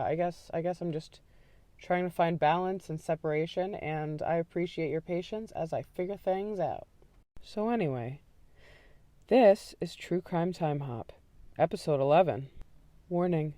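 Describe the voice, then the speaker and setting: A woman hosting a true crime channel, chatting to viewers in a rambling, self-deprecating way before narrating a case in a calmer, soothing delivery. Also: deep voice, dry recording. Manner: aims for a calm, sleepy ASMR-like delivery in the story.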